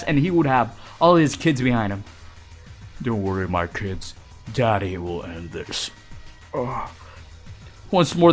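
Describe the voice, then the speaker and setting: Man, casual fan story reading, playful, reacting aloud, a bit high, lively pitch. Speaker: voice actor and VTuber.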